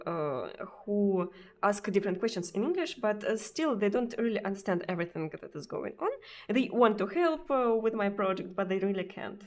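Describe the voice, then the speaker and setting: A woman with a Russian accent, a native Russian speaker, chatting casually with viewers on a live stream. She hesitates often, repeating words and filling pauses. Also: mid-range voice. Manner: hesitant, many fillers and repeated words, frequent laughs.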